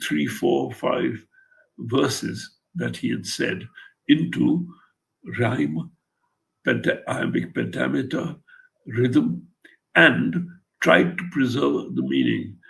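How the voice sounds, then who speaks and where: An older author from India, interviewed about his translations, tells a blunt, wry story and acts out the quotes. He has a medium-pitched, creaky voice, captured in a low-quality recording.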